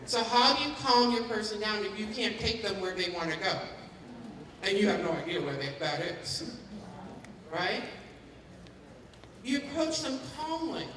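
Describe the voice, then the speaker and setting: A woman's voice: medium pitch, big pitch swings, a little slow, pauses often, a bit bright, recorded from a distance, a little hiss or hum. Woman lecturing caregivers in an echoey hall. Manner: interactive, keeps checking in with the audience. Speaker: dementia care educator. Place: large hall at a community forum.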